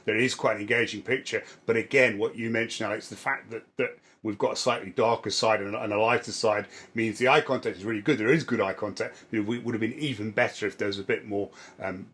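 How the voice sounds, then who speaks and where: A man's voice: fairly low pitch, steady tone, quick pace, few pauses, a bit bright, husky. A man co-hosting a casual chat, praising photos in a reflective, appreciative way. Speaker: co-host.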